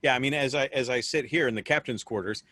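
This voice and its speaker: A man's voice: medium pitch, fast, pushed and bright. A middle-aged American man with a rambling, restart-filled way of talking, chatting as a guest on a video call. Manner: rambling storyteller with frequent restarts. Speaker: guest, memorabilia collector. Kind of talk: casual video call chat.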